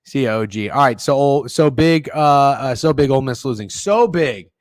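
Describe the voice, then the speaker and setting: On a dry recording, a sports betting livestream host with a mid-range, animated voice talks at a normal speed, coughing through a sore throat right up on a close studio mic. He loosely reads viewer messages and banters with co-hosts, profane and joking, occasionally erupting into loud outbursts.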